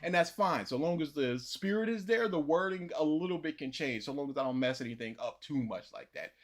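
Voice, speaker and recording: A man hosting a casual livestream, telling a long story with lots of repetition and animated emphasis. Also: a little high, fairly quick.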